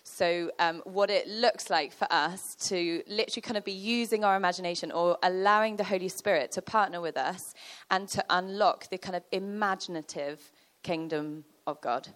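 A woman's voice: lowish voice, moderate pace, fairly bright tone. A woman giving a chatty, conversational sermon, full of fillers and storytelling. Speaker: church speaker.

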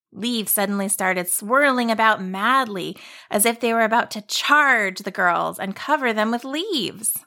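Slow, bright-voiced woman storyteller. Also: on the high side. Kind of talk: children's story narration.

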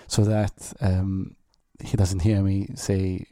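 A man from Malta co-hosts a podcast in easygoing chat, looping back over his words as he tells a story. His voice sits low and mellow. The sound is dry and close. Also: little pitch movement, takes it slowly, few pauses, no room sound. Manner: chatty storyteller, repeats words while thinking. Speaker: podcast co-host. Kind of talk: casual chat.

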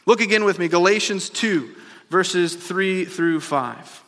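A male pastor preaches in a fairly high, bright and forceful voice. He swings between emphatic repeated refrains and easy, chatty asides to his listeners. His words ring out with the long reverb of a large sanctuary. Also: slow. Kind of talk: sermon. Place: church sanctuary.

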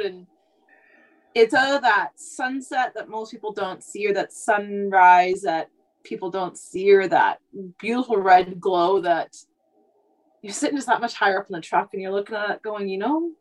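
A woman's voice: mid-range voice, moderate pace, poor audio. A woman in her thirties from Canada, a truck driver chatting casually on a podcast, rambling with lots of asides. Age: 30s. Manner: talkative, rambling, many "like" and "you know" asides.

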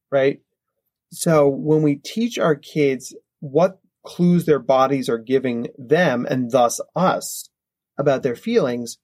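A man in his thirties, a psychologist guest, explaining in an animated, conversational way and often checking in with "right?". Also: on the high side. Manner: animated, acts out kids' voices, frequent "right?".

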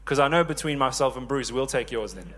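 A man in his thirties preaching a sermon, lively and joking with the congregation. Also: medium pitch, brisk. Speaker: pastor.

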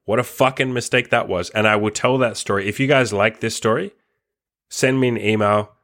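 A man's voice: fairly low pitch, fairly even intonation, moderate pace, a bit bright. A man telling a personal story in a casual monologue, swearing heavily, laughing between lines and filling gaps with "like". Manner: loose, rambling delivery full of "like". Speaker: podcast host.

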